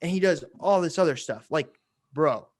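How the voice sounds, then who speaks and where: A man's voice: a little high, normal speed. A man co-hosting a podcast in casual chat, eager and slangy, calling his friends "bro". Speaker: podcast co-host.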